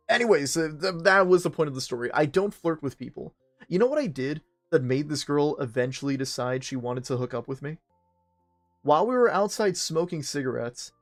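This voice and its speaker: A young man telling a rambling, profane, self-mocking story while streaming a game, with faint game music behind him. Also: fairly high pitch. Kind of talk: casual storytelling while gaming.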